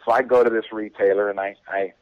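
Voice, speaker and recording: A man's voice: lowish voice, fairly even intonation, fast. Chuckling man on a muffled phone line. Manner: chuckling, acts out quoted voices. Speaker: radio show guest. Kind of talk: casual storytelling.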